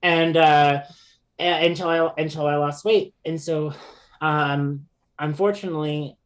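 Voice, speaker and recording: Laughing frequently and speaking with energy, a male podcast guest relates a personal story in casual talk. He often restarts and uses many fillers; his pitch leans high and his delivery is a bit slow.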